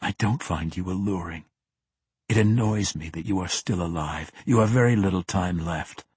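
A man voicing a cold, menacing assassin in a fantasy audiobook, speaking in a calm, measured, threatening way. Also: low-pitched, husky, dry recording. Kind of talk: audiobook character voice.

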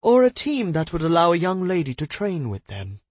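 Smug chatty madame, put on by a male reader; pitched up, dry close sound. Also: wildly swooping pitch, moderate pace, no echo. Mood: eager. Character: vain, gossipy adult woman restaurateur.

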